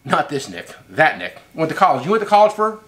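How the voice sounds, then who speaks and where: A middle-aged man who hosts his own show and owns a tool company tells a long story in a loose, rambling way, swearing casually. His voice is on the high side and fairly bright, with big pitch swings and a quick pace.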